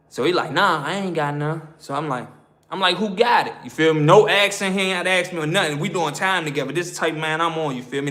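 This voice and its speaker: An American man spins a prison story in loose street slang. His voice sits a little high, and he keeps slipping into the voices of the people he quotes. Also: expressive, normal speed, fairly bright tone. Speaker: prison story channel host. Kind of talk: casual storytelling.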